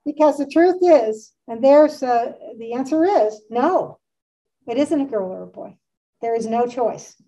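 A woman in her sixties gives an informal art history talk in a community center room. Her voice is mellow and a touch high. She is miked from a distance, and the recording sounds dull. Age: 60s. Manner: chatty and enthusiastic, with frequent asides. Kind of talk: casual illustrated lecture.

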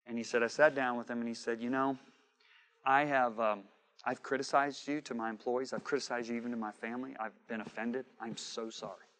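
A man preaching a sermon, telling a story with quoted dialogue and swinging from shouting to hushed asides. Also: medium pitch, steady tone, brisk.

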